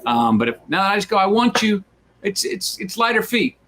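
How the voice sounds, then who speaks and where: Animated storytelling man, slightly high voice. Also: brisk. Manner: animated storyteller who acts out quoted voices. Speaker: interview guest. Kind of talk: casual conversation.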